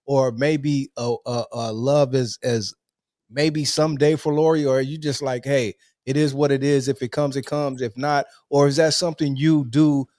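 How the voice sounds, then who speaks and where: A man's voice: mid-range voice, fairly even intonation, moderate pace, darkish tone, dry recording, studio quality. A man hosting a live interview show, talking casually and reassuringly with repeated phrases. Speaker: host.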